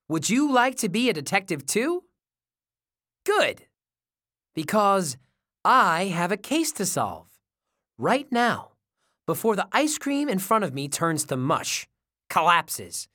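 A woman reading a children's chapter book aloud, unhurried and deliberate, in an animated storytelling voice. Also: fairly low pitch. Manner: slow, deliberate, lively storytelling.

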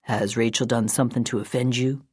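A woman voicing an older male attorney who speaks in a measured, earnest, dismayed way. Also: rumbling low, breathy edge, dry recording, studio quality, voice pushed down, full character voice.

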